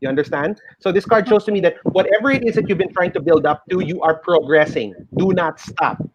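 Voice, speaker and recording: A middle-aged man with a Filipino accent explaining a tarot reading on the radio in an animated, reassuring way. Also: high voice, fairly quick, background noise. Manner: animated, reassuring, mixes in Tagalog phrases. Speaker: tarot reader guest. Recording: dull lo-fi radio sound.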